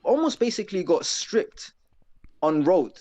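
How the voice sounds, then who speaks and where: A man's voice: high voice, very animated, measured pace, dark tone. A man, a guest on a casual live chat, talking earnestly in street slang with constant tag questions.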